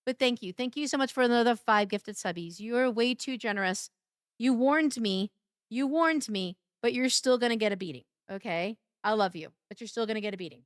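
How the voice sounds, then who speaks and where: A woman's voice: on the high side, a little fast, no echo, studio quality. A woman streaming live, chatting casually with her viewers in a flirty, teasing, playful way. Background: music.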